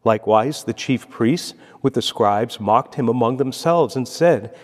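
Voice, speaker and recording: Scripture reading and preaching come from a male priest with a medium-pitched voice, delivered in a measured, solemn liturgical style. A long church reverb echoes through the recording.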